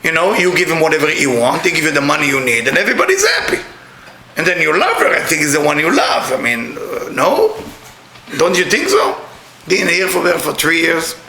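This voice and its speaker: A middle-aged man with an Israeli accent, giving a spiritual talk with blunt, joking, animated storytelling. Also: fairly high pitch, a little fast, echoey room, slight background noise. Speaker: kabbalah teacher.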